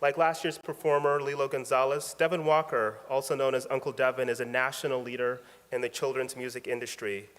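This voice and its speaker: A man's voice: mid-range voice, little pitch movement, fairly quick, hardly any pauses, fairly bright tone. Male awards emcee, formal scripted intro, long hall reverb. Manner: reads formally from a prepared script. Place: large event hall.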